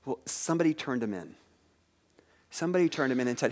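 A man preaching a sermon, retelling scripture stories in a lively way and asking his listeners questions. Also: mid-range voice, fast talker, long pauses. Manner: animated storytelling preacher, asks the audience questions. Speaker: pastor.

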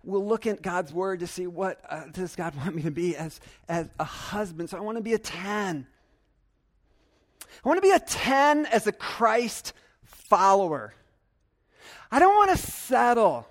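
A man's voice: high-pitched, big pitch swings, a little slow. A young adult male pastor preaching a sermon earnestly and emphatically, repeating phrases for stress.

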